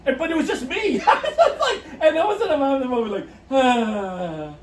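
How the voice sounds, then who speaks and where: Over crowd noise, a man co-hosting a podcast chats casually and tells stories, laughing often and giggling through them. His voice is very high with big pitch swings and a slightly fast pace; the sound is roomy, distant-miked, and faintly noisy.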